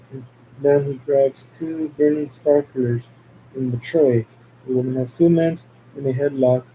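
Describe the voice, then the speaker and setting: Amateur male script reader, mellow mid-pitched voice, halting and stumbly. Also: slight background noise, poor audio. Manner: halting, stumbling over words. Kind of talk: amateur script read-aloud.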